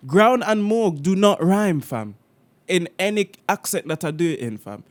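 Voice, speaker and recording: A man from Jamaica reacting to a rap track in loose, animated commentary. His voice sits a touch higher than most men's, and his talk is full of slang and swearing. A song plays faintly behind him. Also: moderate pace, over music. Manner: animated, laughing, slangy and profane. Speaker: music reaction host. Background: the reacted song playing faintly.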